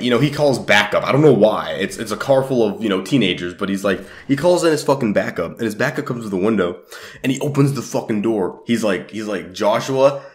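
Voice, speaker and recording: A teenage boy telling a life story to camera in a rambling, casual way, swearing often and swinging his pitch up and down. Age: teens. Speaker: YouTuber storyteller.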